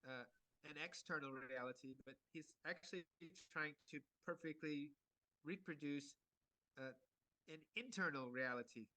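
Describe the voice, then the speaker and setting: A man giving an art lecture in short phrases, pausing for an interpreter and filling gaps with many hesitations. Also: fairly high pitch, sharp tone, no echo. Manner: halting, many fillers and restarts.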